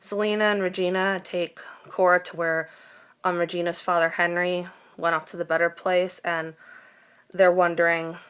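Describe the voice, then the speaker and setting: Woman, casual recap vlog, lowish voice, gushing, emotional, lots of ums. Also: level tone, normal speed, a bit bright, clear, resonant tone. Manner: emotional, gushing, many fillers. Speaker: TV recap vlogger.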